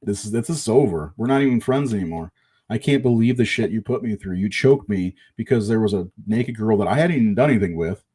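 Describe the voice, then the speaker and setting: A man's voice: lowish voice, expressive, fairly quick, warm tone, husky. A middle-aged man casually telling a long personal story, rambling and swearing, with restarts.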